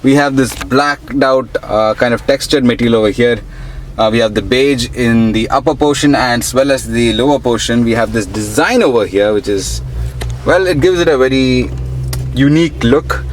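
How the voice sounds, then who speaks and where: A young man gives a casual, upbeat car review, talking straight to viewers as he walks around a showroom and a lot outside. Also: mid-range voice. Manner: chatty, upbeat, addresses viewers as guys. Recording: noisy street and car ambience.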